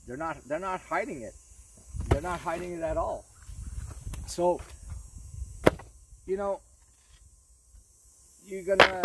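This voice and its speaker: A man's voice: a little high, distant mic, noisy background. A man walking through his vegetable garden, talking casually to viewers and drifting into preachy warnings, calling them folks. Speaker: vlogger gardener. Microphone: camera on tripod outdoors.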